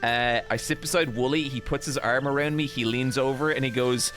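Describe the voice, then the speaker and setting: An Irish man tells an embarrassing story on his podcast in a loose, chatty way. He is animated and self-mocking, swears freely, and talks at a middling pitch. Soft music plays faintly under his voice. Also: a little fast. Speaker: podcast host. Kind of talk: casual anecdote storytelling.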